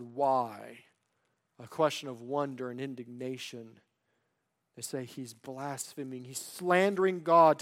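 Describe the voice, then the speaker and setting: A man preaching a sermon in earnest, swinging between loud emphasis and quiet, drawn-out phrases. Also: on the high side.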